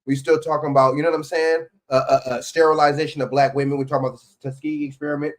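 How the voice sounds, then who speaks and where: A man's voice: a little high, level tone, rapid-fire. A man hosting a livestream, reacting to clips with casual, profane, heated ranting and lots of fillers and restarts. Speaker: livestream host.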